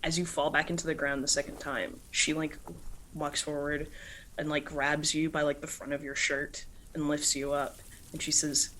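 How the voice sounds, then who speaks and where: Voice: mid-range voice, flat delivery, normal speed, bright, forceful tone, poor audio. A game master narrating a tabletop game in casual speech full of filler words. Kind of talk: tabletop role-play narration.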